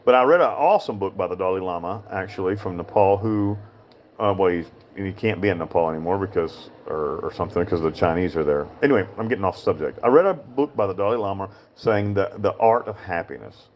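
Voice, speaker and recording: A man with a Western North Carolina mountain accent talks to the camera from prison, rambling and repeating himself as he drifts between points. His voice sits a bit low, and the recording sounds muffled and lo-fi. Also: expressive, brisk, a little hiss or hum. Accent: Southern Appalachian mountain. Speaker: prison chaplain and inmate. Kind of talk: casual spoken monologue.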